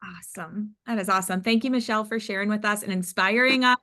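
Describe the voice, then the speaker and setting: A woman's voice: mid-range voice, quick pace, bright, forceful tone. A woman leading a team video call in an upbeat, encouraging way.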